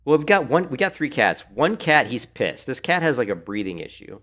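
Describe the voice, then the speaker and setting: Very animated and fairly quick, a middle-aged man with a medium-pitched, fairly bright voice chats casually during a game stream from his Florida home. He's an easygoing, wandering storyteller who curses freely.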